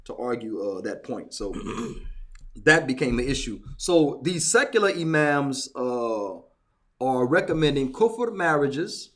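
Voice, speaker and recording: On a casual group talk show, a man tells a story slowly in a mid-range voice. He's an animated storyteller who keeps repeating phrases for emphasis.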